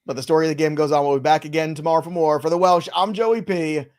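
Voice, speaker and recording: A man's voice: on the high side, steady tone, fast talker, darkish tone. A man hosting a live fantasy baseball show, casual and playful in his banter with a co-host. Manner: jokey, playful, teasing co-host.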